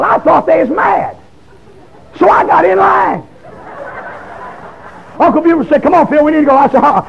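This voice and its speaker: A man, preaching a testimony sermon in a folksy storytelling way that breaks into shouting. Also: extremely high pitch, gravelly, slight background noise. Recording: dull lo-fi recording.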